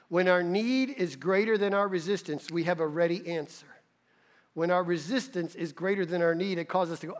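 A male pastor preaches earnestly and rises to emphatic peaks. His voice sits quite high, and a long hall reverb trails after each phrase. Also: moderate pace. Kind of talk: sermon.

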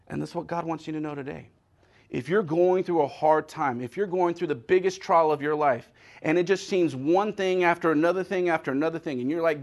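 A man preaching a sermon to a women's gathering, acting out scripture scenes and swinging from loud declarations to hushed near-whispers. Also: a little high, brisk.

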